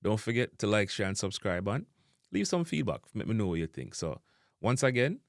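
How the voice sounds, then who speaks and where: A man with a Jamaican accent hosting a pronunciation lesson, slowly and deliberately demonstrating vowel sounds. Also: fairly low pitch, very animated, vocal fry, no room sound, clean studio sound. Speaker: language teacher and channel host.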